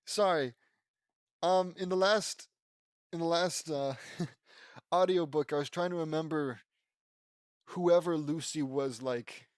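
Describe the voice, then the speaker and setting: A man's voice: fairly high pitch, no room sound. Male amateur audiobook reader, casual and rambling, dry close recording. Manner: rambling, self-mocking commentary with laughs. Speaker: fan fiction audiobook reader. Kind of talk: reading fan fiction aloud with asides.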